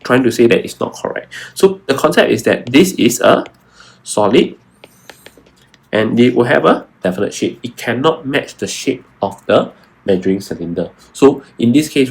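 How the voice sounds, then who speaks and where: A man's voice: mid-range voice, vocal fry, husky. A young adult man, walking through a science exam paper and stressing key words again and again. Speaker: science tutor. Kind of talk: exam walkthrough lesson.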